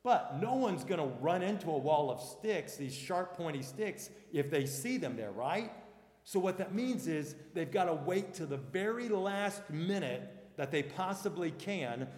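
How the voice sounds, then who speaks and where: A man delivering a sermon in a slightly high voice, taking his time over every phrase. He swings from quiet, low asides to loud, ringing shouts for emphasis. The sound is roomy, with a long reverb trailing each line. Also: animated, measured pace. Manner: dramatic shifts from hushed to shouted for emphasis. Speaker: pastor. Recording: echoey hall with long reverb.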